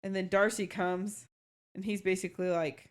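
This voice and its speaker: A woman's voice: medium pitch, little pitch movement, moderate pace, clear, resonant tone. A woman co-hosting a book podcast, talking frankly and matter-of-factly in casual chat. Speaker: podcast co-host.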